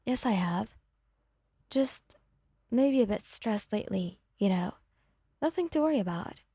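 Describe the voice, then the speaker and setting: Hesitant strained young lover, read by a woman, apologetic, mellow and dry, ASMR fanfic reading. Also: mid-range voice, lively intonation, unhurried, breathy edge, no echo. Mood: evasive. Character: hurting, secretive young lover.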